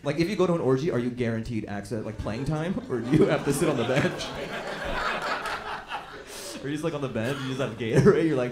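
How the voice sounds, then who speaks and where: A man performing a stand-up comedy set on a club stage, talking conversationally and jumping into loud acted-out quotes for punchlines. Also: mid-range voice, fast, long pauses. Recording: echoey club room with crowd noise. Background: audience laughter.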